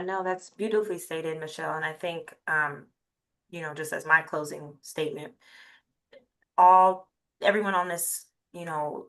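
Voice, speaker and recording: Female panel guest, lowish pitch, bright edge, earnest and encouraging. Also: creaky. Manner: earnest, encouraging, many fillers. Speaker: guest speech-language pathologist. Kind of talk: conversational panel discussion.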